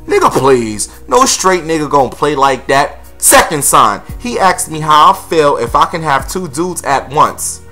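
Man, gossip vlog host, sassy, blunt, bright forceful voice, faint music behind. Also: fairly high pitch, sing-song, measured pace, hardly any pauses. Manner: sassy, blunt, gossipy, calls viewers honey and girl.

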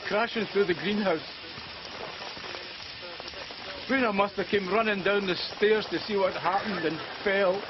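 A man's voice: high-pitched, normal speed, close to an everyday voice. An actor playing an injured widower who recounts an accident and chats up his carer, speaking. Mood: flat. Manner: matter-of-fact, then flirty. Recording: muffled TV sound with noise.

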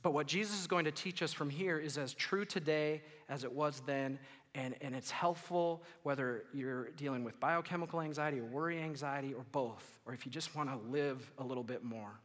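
A man preaching a sermon as pastor, lively and animated, acting out worried listeners and quoting scripture. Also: fairly high pitch, normal speed. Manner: animated, acts out worried listeners and quotes with rising volume. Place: church sanctuary. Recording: long hall reverb of a church.

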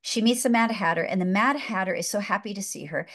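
A woman's voice: medium pitch, fast talker. A woman guest on a faith show, eagerly retelling a film scene and drawing spiritual lessons from it, emphatic and full of repeated words. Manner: excited, emphatic, repeats herself. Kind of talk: animated storytelling in a faith talk.

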